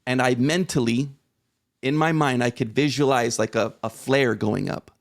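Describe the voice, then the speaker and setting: A man of about forty, appearing as a podcast guest, tells a personal story in a conversational way. His voice is gravelly and mid-range at a normal speed, and he animatedly acts out his own reactions, swearing now and then.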